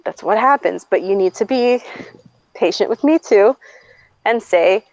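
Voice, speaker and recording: A woman with a mid-range voice tells a story in a casual chat, taking her time. She's a streamer host who is blunt, swears freely, and laughs often as she talks. The recording is dull, lo-fi, and dry, with no room sound.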